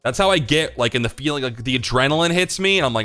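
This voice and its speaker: A young man hosting a livestream, answering chat questions in rambling, confessional casual talk, swearing freely and filling pauses with "like" and "um.". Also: medium pitch, sing-song, pushed and bright, smooth, soft background music.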